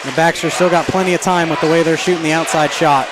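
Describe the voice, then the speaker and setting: A man calling a high school basketball game live, with quick excited play-by-play and sudden jumps in pitch. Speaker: play-by-play announcer. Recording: loud gym crowd and noise. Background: basketball crowd and bouncing balls.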